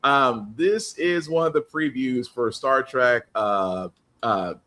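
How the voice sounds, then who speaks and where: A man's voice: mid-range voice, takes it slowly. A man co-hosting a casual pop-culture podcast, joking and talking loosely. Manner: loose, joking, lively delivery. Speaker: podcast co-host. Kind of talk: casual chat.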